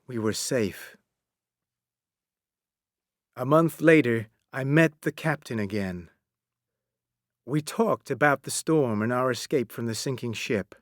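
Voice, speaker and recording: A man narrating a classic story as an audiobook, reading in a slow, simple, clear way. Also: mid-range voice, no room sound, clean studio sound.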